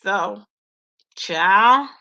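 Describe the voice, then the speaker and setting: A woman's voice: medium pitch, animated, extremely slow, gravelly, sharp tone, lo-fi sound. A woman talking casually to her viewers in a gossip vlog, repeating herself and calling them "child" and "y'all". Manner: chatty, repetitive, addresses viewers as "child" and "y'all". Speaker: YouTube commentator.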